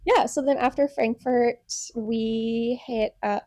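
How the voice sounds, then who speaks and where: A young woman co-hosting a casual podcast from home. She rambles through a story, full of fillers and little laughs, in a fairly high, mellow voice. The sound is close and dry, with no room around it. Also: fairly even intonation, slow, no room sound. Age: 20s. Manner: rambling, chatty, lots of "like" and laughs. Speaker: podcast co-host. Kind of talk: casual chat. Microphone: podcast mic.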